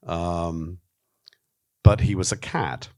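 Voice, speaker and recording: A man's voice: deep voice, steady tone, takes it slowly, a little mellow. A man being interviewed about his film, talking frankly and animatedly, with swearing and acted-out quotes. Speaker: documentary filmmaker, interviewee. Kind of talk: candid interview talk.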